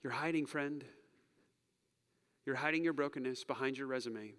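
A man preaching and then praying in a church, earnest, rising to loud urging and dropping to soft whispers. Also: medium pitch, moderate pace. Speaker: pastor. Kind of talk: sermon and closing prayer. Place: church sanctuary. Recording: long hall reverb.

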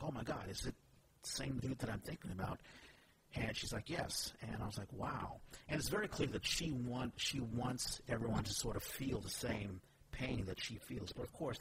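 A man hosting a casual faith discussion, speaking earnestly and emphatically, with personal stories. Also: lowish voice. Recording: noisy background ambience.

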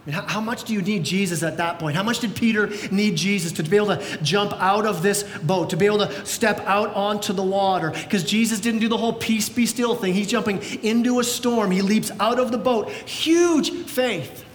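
A high-voiced man preaches a sermon in an echoey church with a long hall reverb and a faint rumble behind him. He tells the story in a lively way and acts out voices. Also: brisk, hardly any pauses. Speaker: pastor. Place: church sanctuary.

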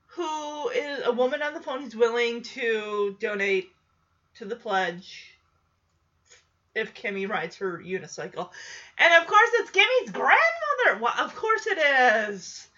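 A woman's voice: a little high, big pitch swings, slow pace, pushed and bright, dull audio. A woman recapping a show in casual chat, chatty and giggly, animating her retelling.

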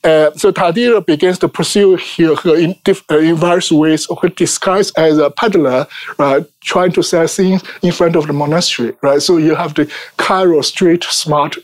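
A man's voice: fairly high pitch, fairly even intonation, normal speed. A man giving an informal lecture, ending nearly every phrase with "right?", with many fillers and restarts. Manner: laughs at his own asides.

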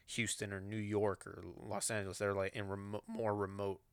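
A man's voice: on the low side, little pitch movement, normal speed, clean tone, no echo. A man co-hosting a podcast, swearing freely as he speculates in loose casual chat.

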